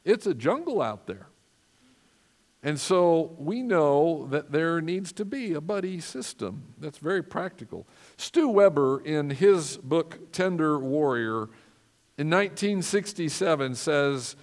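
Emphatic preacher in a reverberant church. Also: male voice, fairly high pitch, expressive, slow. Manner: earnest, emphatic preaching that asks the congregation for responses. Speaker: pastor. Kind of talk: sermon. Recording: long reverb of a church hall.

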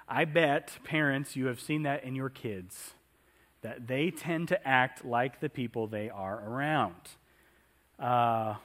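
A man's voice: medium pitch, a bit bright. A man preaching a conversational sermon in a church, often asking the congregation questions. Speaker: pastor.

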